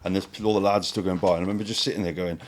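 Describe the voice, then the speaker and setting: A man's voice: sits low, steady tone, rapid-fire. A man hosting a casual chat, speaking bluntly and swearing freely. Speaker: host.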